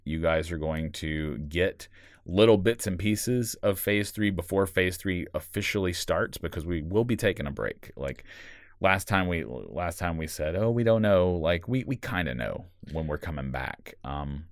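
A man with a very low voice chats casually on a podcast, animated and quick to laugh, with some swearing. The sound is dry and close, with no room around it. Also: dry recording. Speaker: podcast co-creator and writer.

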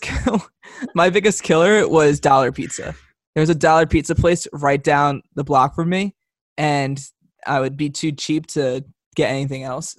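A man's voice: on the high side, no room sound, clean studio sound. A young man chatting casually, teasing his friends and laughing often. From Long Island. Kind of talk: casual chat.

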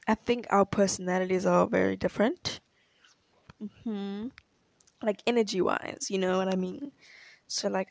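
A woman's voice: medium pitch, no room sound. A young woman from Africa, chatting in a rambling, hesitant way as she answers personal questions in a vlog. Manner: rambling, hesitant, self-correcting. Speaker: vlogger. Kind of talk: casual confessional Q&A chat.

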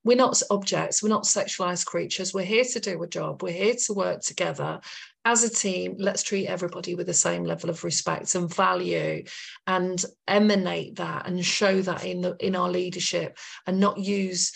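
A woman's voice: lowish voice, fairly even intonation, moderate pace, vocal fry, breathy edge. A woman hosting a podcast interview, speaking effusively and thanking her guest with long lists of praise. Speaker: podcast host. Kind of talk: interview talk.

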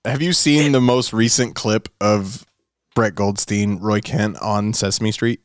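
A man co-hosting a podcast in casual chat, easygoing and quick to laugh. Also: lowish voice, steady tone, no echo, clean studio sound. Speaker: podcast co-host.

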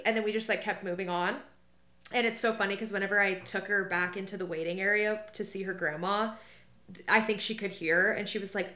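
A woman's voice: mid-range voice, steady tone, brisk, pushed and bright, reverberant. A young woman co-hosting a podcast, telling stories in casual chat with lots of "like" fillers. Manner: rambling storytelling, heavy filler "like". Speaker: podcast co-host.

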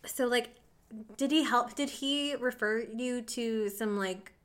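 A woman's voice: fairly high pitch, takes it slowly, a bit bright. A woman hosting a casual interview, sympathetic and loose-spoken, swearing and filling with "like". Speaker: host.

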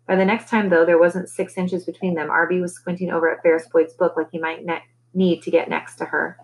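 A woman teacher reading a novel aloud to her class, relaxed, with conversational asides between chapters. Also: lowish voice, brisk, poor audio.

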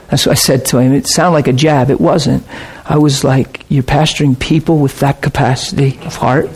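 A man's voice: medium pitch, fairly even intonation, normal speed, few pauses, darkish tone, a little hiss or hum. A man preaching with earnest intensity, retelling a personal story and acting out both sides of the conversation. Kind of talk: sermon storytelling.

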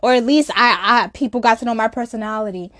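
A woman from Brooklyn with a New York accent, talking fast in casual chat, often repeating words. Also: fairly high pitch, fairly bright tone. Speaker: podcast co-host.

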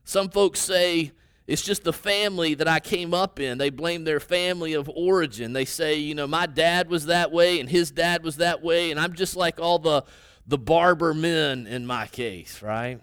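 Higher-voiced pastor preaching, smooth and dry. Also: male voice, moderate pace, a bit bright, no echo. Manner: conversational preaching, tag questions, quoting listeners in their voices. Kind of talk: sermon.

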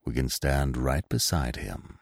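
Guy doing an old wise stag, super low and quiet, slow and grave. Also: very animated, vocal fry, husky, dry recording, studio quality, full character voice. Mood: solemn. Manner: slow, hushed, solemn.

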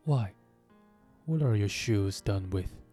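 A man voicing a solemn, impatient griffin creature in a storybook reading, with a deep voice. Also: animated, slow, dark tone, faint music behind.

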